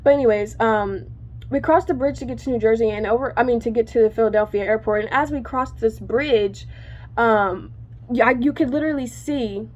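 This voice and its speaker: A woman telling a personal story to her viewers in casual chat, rambling and correcting herself, cursing freely. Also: a little high.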